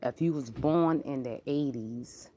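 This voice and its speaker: Very low-voiced woman rambling on camera. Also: measured pace, a little hiss or hum. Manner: rambling, jumps between topics; animated, slides into acted-out quotes. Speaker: vlogger. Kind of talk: casual monologue.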